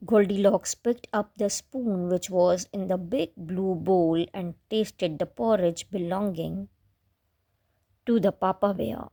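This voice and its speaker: A woman reading a children's fairy tale aloud in a gentle storybook manner. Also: medium pitch, fairly even intonation, takes it slowly.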